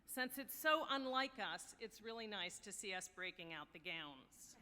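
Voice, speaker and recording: A woman's voice: medium pitch, expressive, sharp tone, slight background noise. Wry woman speaking at a ceremony. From United States. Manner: wry, anecdotal, measured. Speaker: university deputy provost. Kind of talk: ceremonial address. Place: large ceremony hall. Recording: long hall reverb.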